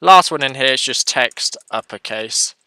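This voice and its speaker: A man's voice: mid-range voice, lively intonation, measured pace, bright, forceful tone, clear, resonant tone, no echo. A man hosting a casual coding tutorial, talking through his screen as he works and correcting himself as he goes. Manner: thinks aloud, self-correcting, chatty.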